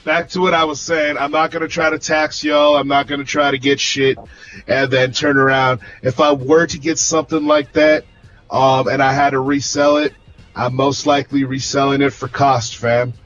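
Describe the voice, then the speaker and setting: A man's voice: mid-range voice, level tone, moderate pace, fairly bright tone, dull audio, soft background music. Man making his point, hesitant but insistent. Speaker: debate guest. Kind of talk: heated podcast debate.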